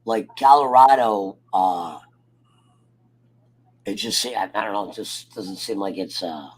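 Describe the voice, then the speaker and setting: A man hosting a casual chat, loose and profane, quick to get excitable. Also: lowish voice, husky. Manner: loose, profane and excitable, yells at his dog. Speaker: podcast host.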